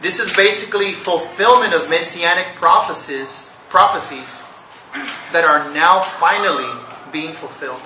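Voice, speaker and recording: A man's voice: on the high side, moderate pace, roomy sound, distant mic, noisy background. A man preaching a sermon, teaching earnestly and posing rhetorical questions to his listeners. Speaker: pastor.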